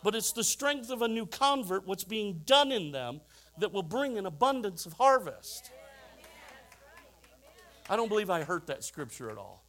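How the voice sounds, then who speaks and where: Animated high-voiced male preacher. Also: normal speed. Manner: animated storytelling, chuckling asides, rhetorical questions to the congregation. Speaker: pastor. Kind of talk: sermon.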